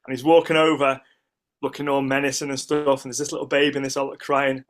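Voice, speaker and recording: A middle-aged Englishman chatting as a podcast guest, telling animated stories in a voice of ordinary pitch. He rambles, restarts his sentences and acts out what other people said. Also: fast talker. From United Kingdom. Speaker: guest, ice sculptor. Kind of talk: casual interview storytelling.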